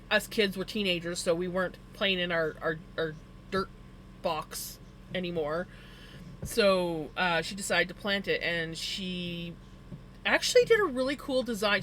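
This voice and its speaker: A live streamer with a mid-range, sharp-toned voice chats casually with a live audience over slight background noise. The talk drifts through rambling personal stories packed with "like," and preferences are stated emphatically.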